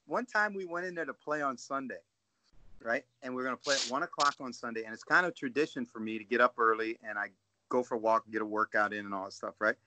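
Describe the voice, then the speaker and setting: A man, a guest coach on a casual podcast call, telling animated stories and often asking "right?". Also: mid-range voice, quick pace, background noise. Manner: storytelling, animated, says "dude" and "right?".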